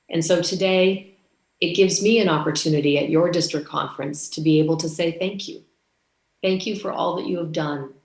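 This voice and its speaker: Low-voiced Canadian woman telling a story. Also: roomy sound. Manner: warm storyteller, acting out dialogue. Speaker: conference speaker. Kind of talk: storytelling keynote speech.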